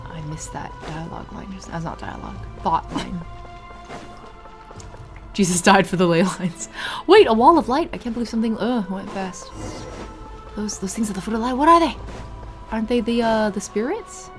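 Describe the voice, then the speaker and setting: Young woman, game streamer, mid-range voice, chatty and scattered, excitable, faint music behind. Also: mid-range voice, moderate pace, long pauses. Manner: chatty, easily distracted, bursts of excited exclamations. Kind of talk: casual live gameplay commentary.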